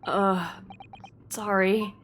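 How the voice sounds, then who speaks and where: A woman voicing a stern Russian man interrogating a suspect in a put-on Russian accent, with a slow, menacing manner. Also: medium pitch, steady tone, a bit bright, slight background noise.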